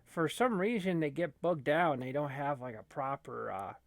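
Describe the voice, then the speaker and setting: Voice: mid-range voice, animated, moderate pace, dry recording, lightly acted. A performer playing a folksy male gamer with a shaky put-on Minnesotan accent who rambles, with lots of fillers, in a comedy gaming sketch. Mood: excited.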